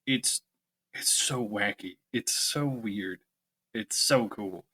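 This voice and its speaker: A man's voice: fairly low pitch, takes it slowly, bright, forceful tone, slightly rough. A man co-hosting a casual podcast chat, talking with emphatic enthusiasm. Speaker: podcast co-host.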